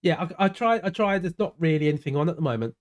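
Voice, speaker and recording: Fairly high-pitched and quick, with lively intonation, this South London man chats on a live racing game stream. He's casual and chatty, calling out viewers by name and trailing off into mumbled asides.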